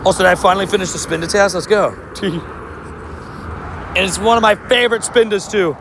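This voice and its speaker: A man in casual live-stream chat, talking loosely with his viewers. His voice sits fairly high for a man and carries a steady gravelly fry. He often trips over his words and breaks into laughs. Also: a little fast, background noise. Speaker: mobile game streamer.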